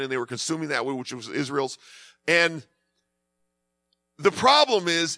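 A man preaching a sermon in a conversational way, acting out quotes and swinging from quiet to loud. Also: a little high, dry recording. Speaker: pastor.

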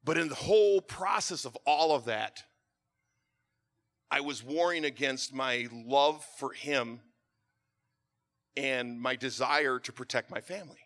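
A middle-aged man preaching a sermon, telling a story and then building to a fervent, near-shouted exhortation. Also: mid-range voice, unhurried, pauses often.

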